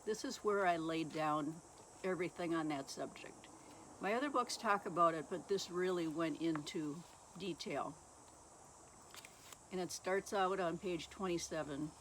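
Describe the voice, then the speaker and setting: Woman, testimony speaker, reading from her book, unhurried, earnest, faint crickets behind. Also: lowish voice, fairly bright tone, slight background noise. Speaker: Christian testimony speaker and author.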